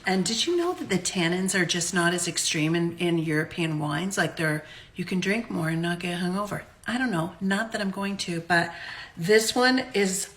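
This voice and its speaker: A woman's voice: fairly low pitch, pushed and bright, a little hiss or hum. A woman from Canada casually chatting about wines in her home kitchen, unscripted and self-deprecating. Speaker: home vlogger reviewing wines. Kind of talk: casual chat.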